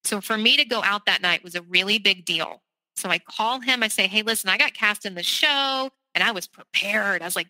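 A woman, telling her personal story as a podcast guest in a vivid, animated way. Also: mid-range voice, brisk, no echo, low-quality recording. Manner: animated, vivid retelling with quoted voices.

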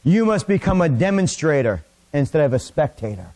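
Male pastor, middle-aged, fervent sermon delivery, slightly high voice, church setting. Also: big pitch swings, fairly quick. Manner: impassioned preaching, rising to near-shouts. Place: church sanctuary.

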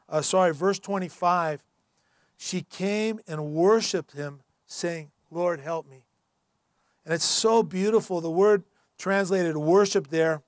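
A male pastor delivers a sermon in an earnest, emphatic and conversational way. His voice sits high for a man. The recording is dry and close. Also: dry recording. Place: church.

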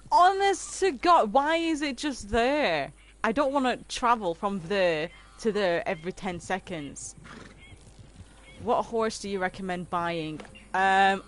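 With a voice on the low side and a little background noise, a twenty-something woman chats casually with her game stream viewers. Easily amused and giggly, she reads the chat aloud and answers it.

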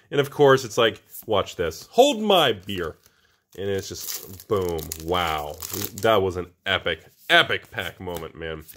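A man hosting a card box-opening video, talking through each pull with animated, excitable commentary. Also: on the low side. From United States. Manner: animated, swings from hushed awe to whooping excitement. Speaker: channel host opening card packs.

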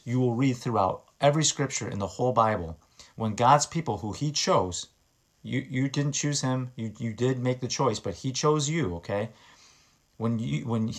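Earnest man preaching casually. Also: mid-range voice. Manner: earnest, conversational, often restarts words and repeats phrases. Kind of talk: informal sermon.

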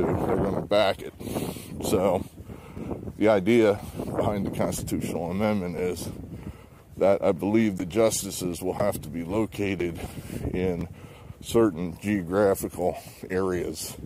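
A man with a low, fairly even, unhurried voice delivers rambling political commentary, blunt and full of swearing and fillers. He's a vlogger walking outdoors in his neighborhood, slightly out of breath, recording on a handheld phone against a noisy background.

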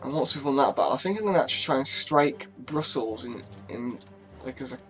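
A man at an ordinary middle pitch talks through a strategy game in loose, chatty commentary. He swears freely and mutters orders straight to his units as he plays. Quiet music sits faintly behind him. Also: animated, quick pace. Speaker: gaming YouTuber.

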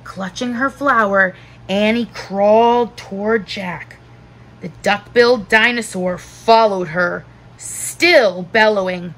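A woman teacher reads a children's book aloud, slow and expressive like a storyteller. Her voice is medium in pitch, and the audio quality is poor.

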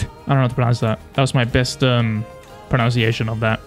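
A young man casually commentating his strategy game, animated and taunting, swearing as he plays. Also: mid-range voice, a little fast, faint music behind. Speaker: gaming YouTuber.

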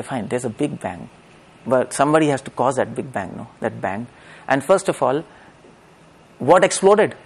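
A middle-aged man, giving a lecture-style religious discourse and asking his audience rhetorical questions. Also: fairly high pitch. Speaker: preacher.

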